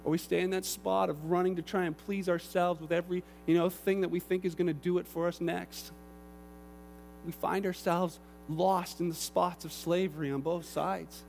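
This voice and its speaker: A man preaching a sermon, telling the story with animated energy and acting out the characters. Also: sits high, moderate pace, creaky, slight background noise.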